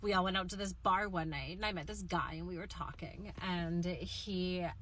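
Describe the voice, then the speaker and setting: A woman's voice: fairly low pitch, steady tone, moderate pace, fairly bright tone. A woman from Canada telling a story sarcastically and swearing. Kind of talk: casual storytelling.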